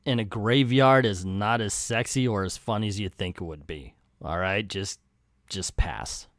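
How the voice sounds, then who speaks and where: A man's voice: on the low side, a little slow, dry recording, clean studio sound. A man reviewing comic books in casual commentary with sarcastic asides.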